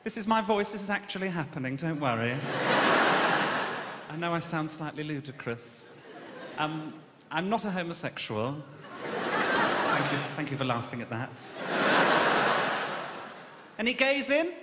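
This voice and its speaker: A man from Birmingham doing a stand-up comedy set, camp and self-mocking with a quick delivery. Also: on the high side, very animated. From Birmingham, England. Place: large echoing live comedy venue. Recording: echoey hall with loud noise.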